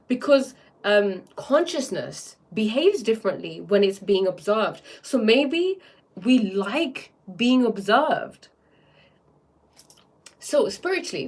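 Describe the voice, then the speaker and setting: A woman hosting a live stream, talking casually and excitedly to her chat, rambling with lots of fillers and "right?" tag questions. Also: medium pitch. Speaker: livestream host.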